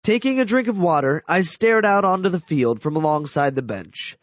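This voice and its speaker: A man reads a first-person story as audiobook narration, with animated, expressive delivery. His voice is high and swings widely in pitch. The recording is dry with no room sound and somewhat dull in tone. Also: moderate pace, no room sound.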